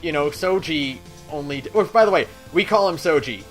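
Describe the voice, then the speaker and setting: A man's voice: a little high, fairly quick, a bit bright. A man co-hosting a podcast in casual chat, laid-back, opinionated and joking. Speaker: podcast co-host. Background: faint background music.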